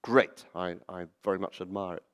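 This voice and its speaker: A man giving a storytelling talk at a public event, animated and fond of acting out quoted voices. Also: low-pitched, normal speed. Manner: animated, acts out quoted voices and laughs at his own stories. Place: library event hall.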